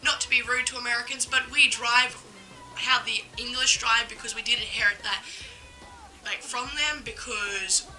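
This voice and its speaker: A woman's voice: a little high, steady tone, normal speed, pushed and bright, soft background music, rough recording. A young Australian woman with an Australian accent, talking straight to camera in a casual, indignant vlog full of "um" and "like". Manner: chatty, indignant, lots of "um" and "like". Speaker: vlogger.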